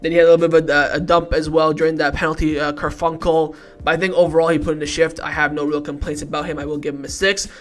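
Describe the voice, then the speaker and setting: A man's voice: fairly high pitch, quick pace, hardly any pauses. A man hosting a football match review vlog, heated and ranting, swearing often as he rates the team. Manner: shifts from calm rating talk to loud outbursts. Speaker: football fan channel host.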